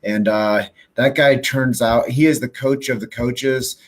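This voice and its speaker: A man's voice: mid-range voice, steady tone, unhurried. A man hosting a live podcast, talking in a laid-back way with many fillers as he wraps up the show. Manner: laid-back, filler-heavy, promotional sign-off. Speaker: podcast host. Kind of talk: casual live podcast chat.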